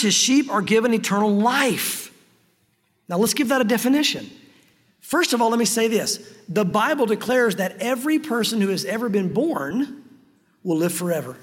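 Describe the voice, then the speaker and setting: A pastor preaching a sermon earnestly, slowing down to stress key phrases. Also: male voice, high voice, animated, a bit bright, long reverb tail.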